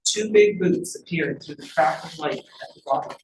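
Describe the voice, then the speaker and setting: A woman reads her own novel aloud in a measured storytelling manner. The mic sits at a distance, so the room echoes around her. A faint noise stays underneath. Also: deep voice, wildly swooping pitch, a little mellow. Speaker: author.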